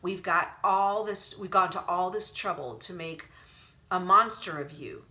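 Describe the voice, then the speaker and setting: A woman voicing a sly, hissing vampire trickster. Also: bright, forceful tone. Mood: coaxing. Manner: slow, low, hissing chant. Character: menacing male vampire-like trickster, sly and coaxing.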